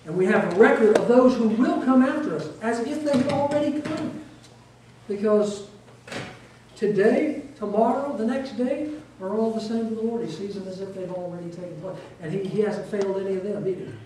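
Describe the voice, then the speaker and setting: A man's voice: high-pitched, moderate pace, darkish tone, a little hiss or hum. A middle-aged man preaching a sermon as pastor, folksy and joking, leaning hard on repeated words. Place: church sanctuary. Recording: echoey church hall, voice from a distance.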